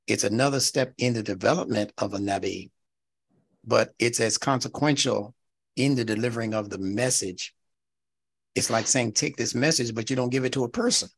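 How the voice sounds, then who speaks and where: A middle-aged man teaching a lecture class, animated and teacherly, checking his listeners with "right?" and rising to emphatic peaks. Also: mid-range voice, moderate pace, gravelly, husky. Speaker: instructor.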